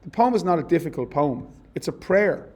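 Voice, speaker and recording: A man teaching a literature lesson, explaining in a conversational way with fillers and self-corrections, and reading poem lines slowly and deliberately. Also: a little high, lively intonation, noisy background.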